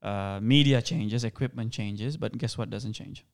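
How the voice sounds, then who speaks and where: A man's voice: fairly low pitch, measured pace. A young Australian man, a guest actor in a casual podcast conversation, talking eagerly in rambling bursts full of restarts. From Australia and Sri Lanka.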